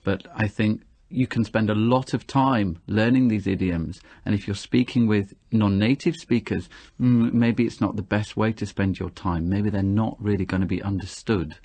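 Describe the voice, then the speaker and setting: A man with a British accent giving measured advice on speaking English in a radio conversation. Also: on the low side, steady tone, a little mellow. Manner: measured, advising. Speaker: English teaching guest expert.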